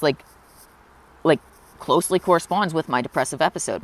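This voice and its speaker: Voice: medium pitch, a bit bright. A person in their twenties speaking earnestly and openly in a confessional personal vlog, reflective and emotional. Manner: emotional, close to tears at times. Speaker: vlogger.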